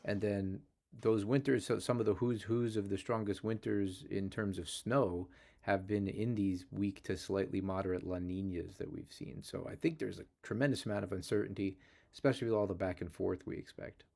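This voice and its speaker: A man hosting a weather discussion, explaining forecasts in a measured way. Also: lowish voice, steady tone, creaky, darkish tone. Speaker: meteorologist host.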